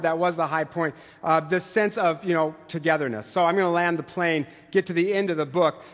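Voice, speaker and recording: A male teacher lectures in a conversational, explanatory way and reads passages aloud. His voice sits a bit high, and a long reverb trails after it as in a large hall. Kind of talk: classroom lecture and reading aloud.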